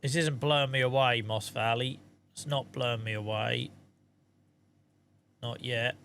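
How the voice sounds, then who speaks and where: A man's voice: medium pitch, steady tone, unhurried, gravelly, fairly bright tone, slight background noise. A man chatting casually on a live stream while he plays a game, thanking viewers and muttering asides to himself.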